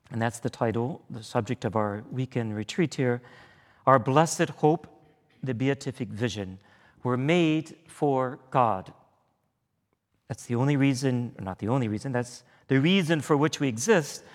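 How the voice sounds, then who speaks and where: A man leading a weekend retreat as a priest, praying and preaching in a deliberate, earnest way. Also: mid-range voice. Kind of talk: retreat talk and prayer. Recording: echoey hall.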